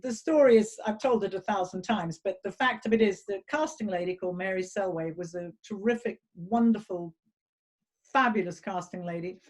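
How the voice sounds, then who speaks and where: A woman tells a self-deprecating story over a video call. She is chatty and fills her pauses with ums. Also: medium pitch. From England. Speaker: guest actress. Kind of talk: casual anecdote on a video call.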